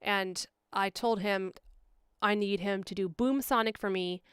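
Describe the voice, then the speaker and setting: A woman rambles through a livestream update on her dub projects, with plenty of ums and side remarks. Her voice is very clear and a little hoarse. It sounds close and dry, with no room around it. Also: medium pitch, fairly even intonation, a little slow, fairly bright tone, no room sound. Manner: rambling, with frequent ums and asides. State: slightly hoarse. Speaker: fan comic dub producer and director. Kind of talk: casual livestream channel update.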